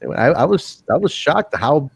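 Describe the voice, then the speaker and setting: A man's voice: a little high, sing-song, normal speed, gravelly, noisy background. A man hosting a wrestling podcast in casual chat, laughing often and mimicking the people he talks about. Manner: laughs often, quotes others in put-on voices. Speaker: podcast host.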